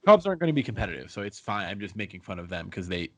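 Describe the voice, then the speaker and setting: A man's voice: on the low side, big pitch swings, racing, dry recording. A young man co-hosting a casual sports podcast, rambling through baseball talk in a laid-back way with some swearing. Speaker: podcast co-host.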